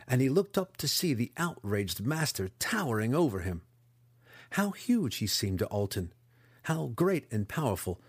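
A man narrating a fantasy audiobook in an expressive, dramatic storytelling style on a close mic. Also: on the low side, breathy edge, no echo.

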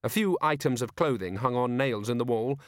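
A man narrates a comic novel in a wry, measured way. His voice sits in a middle register. The recording is dry and close, with no room sound. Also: mid-range voice, no room sound. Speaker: audiobook narrator. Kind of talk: scripted narration.

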